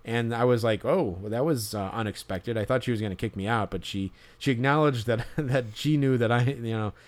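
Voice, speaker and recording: A man's voice: medium pitch, fairly even intonation, a little fast, clear, resonant tone. A man telling a story in casual podcast chat, rambling with lots of fillers and restarts.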